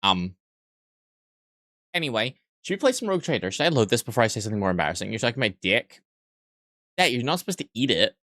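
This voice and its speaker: A man's voice: medium pitch, sing-song, fast talker, pauses often, fairly bright tone, dry recording, studio quality. A young man streaming live, joking crudely and rambling as he reads and answers his chat.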